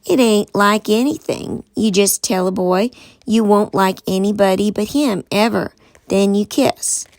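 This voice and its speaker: A woman voicing a bold, boastful young schoolboy in a read-aloud storybook, with a folksy drawl and a gravelly edge. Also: medium pitch, unhurried, a little mellow, dry recording, natural voice. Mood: coaxing.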